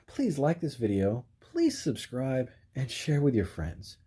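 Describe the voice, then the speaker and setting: A man's voice: medium pitch, wildly swooping pitch, a little slow, mellow, husky. A man casually reviewing action figures for his channel, rambling with lots of fillers and the odd chuckle. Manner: rambling, filler-heavy, frequent "you know"; chuckles while handling figures. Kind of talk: casual toy review vlog.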